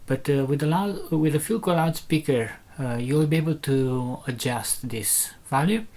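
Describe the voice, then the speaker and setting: A loudspeaker maker with a fairly high, darkish voice demonstrates a driver at a normal pace. The talk is a casual technical demo, delivered hesitantly with lots of fillers and restarts as he walks through it step by step.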